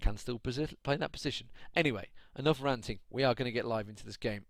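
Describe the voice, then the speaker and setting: A man's voice: mid-range voice, fast, no echo. Chatty man casting solo. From United Kingdom. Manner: chatty, laughing, ranting at chat. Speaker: esports caster. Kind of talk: solo live stream commentary.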